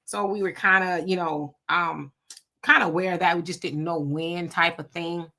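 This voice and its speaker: A woman hosting a casual livestream, reading out viewer comments and telling animated stories. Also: on the low side, normal speed. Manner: animated storytelling with frequent laughs. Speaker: livestream host.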